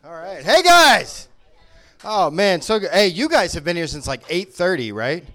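A man's voice: fairly high pitch, animated, normal speed, a bit bright. A man does live stand-up into a handheld mic. He rambles with lots of energy and chuckles at his own jokes. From Memphis, Tennessee. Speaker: stand-up comedian. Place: small comedy venue on stage.

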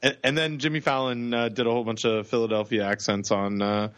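Middle-aged man telling lively anecdotes. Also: mid-range voice, fairly quick, smooth, no room sound. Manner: animated anecdotes with acted-out quotes. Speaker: podcast co-host. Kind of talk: casual chat, storytelling.

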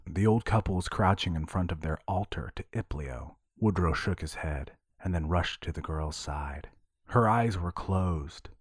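A man narrating audio fiction in a hushed, breathy manner. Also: sits low, no echo, clean studio sound.

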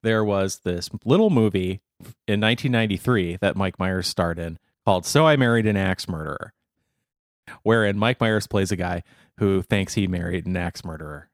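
A man's voice: sits low, normal speed, no room sound, clean studio sound. A man co-hosting a podcast in casual chat, laughing often and slipping into mock accents when he quotes. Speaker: podcast co-host.

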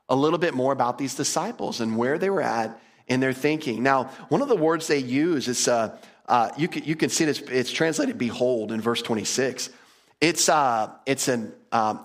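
A man's voice: mid-range voice, a bit bright. A male pastor preaching a casual, humorous sermon, acting out little quotes as he goes. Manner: conversational, humorous, acts out quotes.

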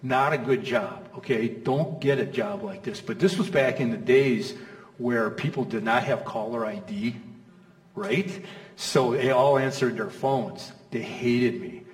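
Heard from a distant mic in an echoey hall, a middle-aged pastor delivers a sermon in a medium-pitched, slightly slow voice. His manner is easygoing and conversational, full of rhetorical questions and check-ins like "okay?" and "you know?"

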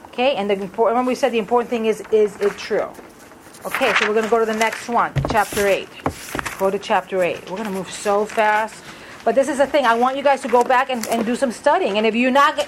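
A woman's voice: on the high side, a bit bright, slight background noise, poor audio. A woman leading a Bible study in a conversational way, asking the group questions as she reads through verses. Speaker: Bible teacher.

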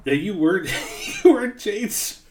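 A man's voice: high voice, takes it slowly. A man co-hosting a casual podcast chat, laughing often as he tells stories. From Missouri. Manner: laughing, animated storyteller. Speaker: podcast co-host. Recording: roomy echo.

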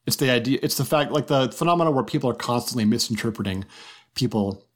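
A man's voice: medium pitch, expressive, fast. A man co-hosting a podcast, musing aloud in casual chat, hesitant, with many fillers and tag questions. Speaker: podcast co-host.

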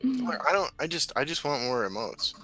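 A man's voice: on the high side, huge pitch swings, normal speed, over music, rough recording. A man co-hosting a streamed podcast, joking around and answering bluntly. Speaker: podcast co-host. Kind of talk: casual podcast chat.

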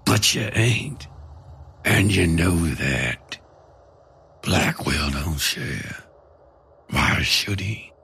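Man voicing a sly masked horseman, gravelly, smug, drawling, for an audio horror story. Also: sits low, lively intonation, drawn-out words, pauses often, pushed and bright, voice pushed down, full character voice. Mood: taunting. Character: menacing masked male rider, sly and cruel.

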